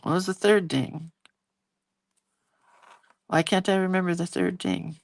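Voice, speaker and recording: A woman's voice: on the low side, a little slow, creaky, no room sound. A middle-aged woman chatting casually and telling a story while she draws, acting out quotes as she goes. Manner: chatty, animated retelling with acted quotes. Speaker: hand-lettering creator hosting a live video.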